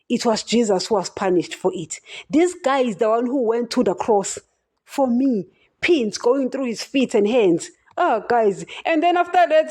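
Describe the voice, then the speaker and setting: A woman's voice: on the high side, darkish tone. A woman preaching on a podcast, impassioned and emphatic, who keeps calling out to her listeners as "guys". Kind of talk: podcast sermon.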